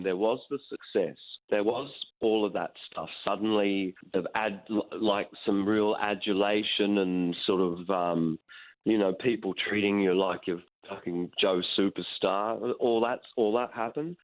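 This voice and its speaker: Man on a tinny phone line. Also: fairly low pitch. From Australia. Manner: frank, swears freely, rambling. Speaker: musician guest. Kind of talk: phone interview, candid storytelling.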